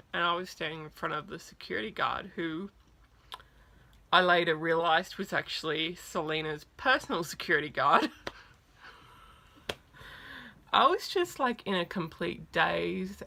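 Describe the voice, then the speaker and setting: A woman vlogger excitedly telling a story in a casual, chatty way, with lots of fillers. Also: lowish voice, vocal fry.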